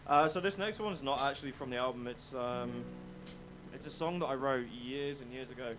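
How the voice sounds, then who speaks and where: A man's voice: mid-range voice, fast, fairly bright tone, soft background music. A male musician chatting as a guest about his songs, laid-back, rambling and a bit sweary. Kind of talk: casual interview chat.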